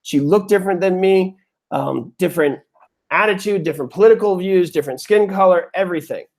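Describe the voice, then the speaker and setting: A man's voice: high-pitched, a little fast, creaky, a little mellow. A man hosting a live webinar lesson, talking to viewers in a chatty, heartfelt way and calling them "you guys". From New York. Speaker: webinar host.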